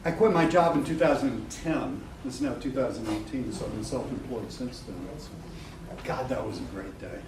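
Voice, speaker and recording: This middle-aged webinar presenter talks casually to a live room, frank and joking, with frequent laughter and swearing. He speaks at medium pitch and a moderate pace. The audio comes from a distance in an echoey, noisy room.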